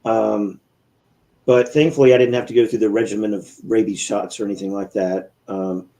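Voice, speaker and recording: A man's voice: lowish voice, fairly even intonation, moderate pace, warm tone, low-quality recording. A man hosting a podcast, telling a story in casual chat with an easygoing, rambling manner. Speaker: podcast host.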